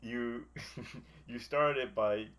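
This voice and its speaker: A man's voice: mid-range voice, very slow, fairly bright tone. A young American man chatting casually on a podcast, blunt and sweary, with a dry, teasing way of talking. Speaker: podcast co-host. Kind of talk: casual chat.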